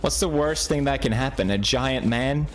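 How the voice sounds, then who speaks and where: A man in his thirties playing a horror game on video, joking along and jumping into high yelps whenever he gets scared. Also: moderate pace, a little hiss or hum. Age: 30s. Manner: jumpy, jokey, bursts into high yelps when scared. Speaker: gaming video host. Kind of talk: horror game play commentary.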